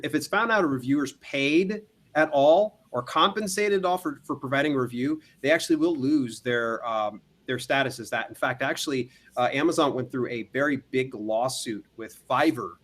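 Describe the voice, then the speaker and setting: A man's voice: mid-range voice, moderate pace, a bit bright. A man co-hosting a casual business podcast, explaining at length with restarts and playful asides. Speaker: podcast co-host.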